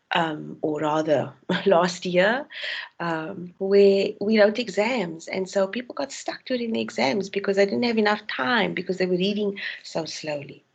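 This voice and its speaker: A woman's voice: medium pitch, breathy edge, dull audio. A woman from South Africa, a university tutor giving an online tutorial, explaining with frequent ums and restarts.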